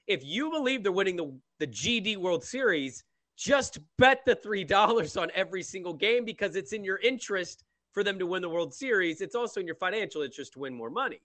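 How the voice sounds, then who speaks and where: A man hosting a casual sports betting chat, teasing his co-host in emphatic, quick bursts. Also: sits high, animated, bright, forceful tone, no echo. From Portland, Oregon.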